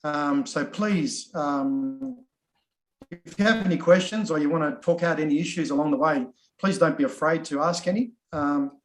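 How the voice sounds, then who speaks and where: A middle-aged Australian man talks easily and chattily, sprinkling ums as he goes. His voice sits a little higher than most men's. The video-call sound is roomy and echoey. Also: moderate pace. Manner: chatty, frequent ums and restarts, easygoing. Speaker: course facilitator. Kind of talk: casual self-introduction in an online session.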